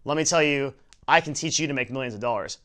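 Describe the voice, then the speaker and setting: A man voicing a wealthy businessman who pitches his plans in an eager, salesy, persuasive way. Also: fast, a bit bright, clear, resonant tone, lightly acted.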